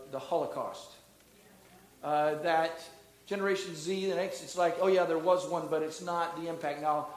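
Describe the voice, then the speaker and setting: A middle-aged man preaching a sermon as a pastor, asking the congregation questions, building to loud emphatic peaks and dropping low and soft. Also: reverberant, low-quality recording. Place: church.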